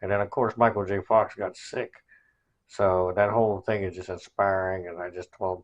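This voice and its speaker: A man's voice: low voice, level tone, moderate pace, lo-fi sound. A man hosting a podcast, casually recapping in a rambling way with many fillers. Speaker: podcast host.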